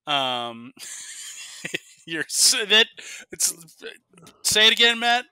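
A man's voice: high voice, sing-song, bright, forceful tone, clean tone, no echo. A man hosting a casual sports betting podcast, leading the picks and joking with his co-hosts. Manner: leads the segment, quick and joking. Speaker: podcast host running the picks.

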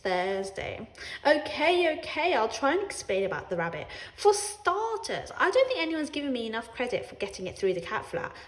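A woman reading a children's book aloud as a sardonic, wry cat narrator, expressive and laughing along. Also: fairly high pitch, moderate pace. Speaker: storyteller. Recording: roomy echo.

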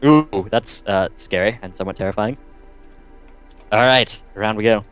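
Man, lowish voice, casual co-op gameplay commentary, gunfire behind. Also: clear, resonant tone, faint music behind. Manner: excitable, quick exclamations while playing.

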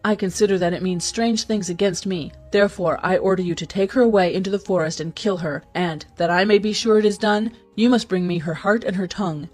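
A woman's voice: medium pitch, a little fast, few pauses, soft background music, close to an everyday voice. A woman reading the lines of a stern, proud old king in a storybook, commanding in tone. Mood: angry.

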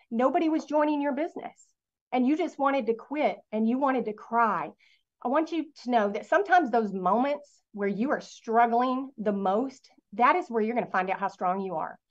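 A woman's voice: on the high side, muffled recording. A middle-aged woman, telling her business story to an audience and asking them questions in a motivational talk. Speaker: network marketing speaker.

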